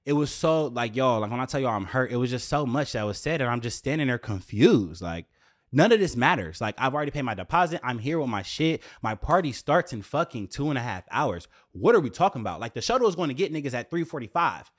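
A man's voice: medium pitch, sing-song, fast talker. A young man telling a story to his viewers in a casual, profane rant, full of fillers and repeated rhetorical questions.

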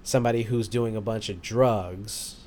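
A man's voice: on the low side, steady tone, normal speed, a little mellow, a little hiss or hum. A young man hosting a casual podcast chat, rambling with hesitant restarts and frequent laughs. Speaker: podcast host.

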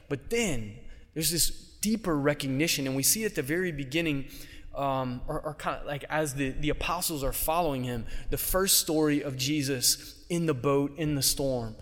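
A man's voice: fairly high pitch, a bit bright. A man giving a conversational homily, dropping briefly into casual voices for biblical figures. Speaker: preacher. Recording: long reverb of a large hall.

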